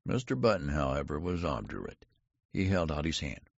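A man narrates a story in a measured, deliberate way, his voice very low with a gravelly edge. His pitch moves a lot across sentences, lifting for the characters' lines. The sound is husky, dry and a little dull, with no room around it. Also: big pitch swings, dry recording. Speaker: audiobook narrator. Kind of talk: scripted narration.

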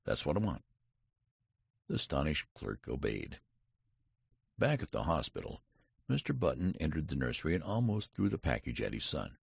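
A man reading a story aloud as an audiobook narrator, measured and deliberate, with small shifts of voice for the characters. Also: rumbling low, huge pitch swings, gravelly, slightly rough, no echo, highs cut off. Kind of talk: scripted narration.

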